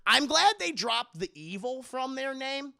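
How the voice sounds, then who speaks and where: A man's voice: extremely high pitch, very animated, a little slow, vocal fry, sharp tone. A man streaming a casual film recap, rambling and swearing as he talks to his chat. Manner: profane, rambling, keeps addressing chat.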